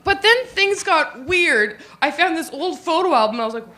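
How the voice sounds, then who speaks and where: A woman's voice: extremely high pitch, lively intonation, normal speed, sharp tone. A woman in her thirties performing a stand-up comedy set, playful and giggly, acting out quotes in silly voices.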